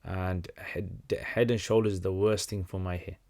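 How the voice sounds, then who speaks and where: Brief: young man, low-pitched voice, loose livestream chat, lots of ums and restarts. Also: normal speed, gravelly. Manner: relaxed, conversational, many fillers and restarts. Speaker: livestream host answering questions. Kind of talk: casual livestream Q&A.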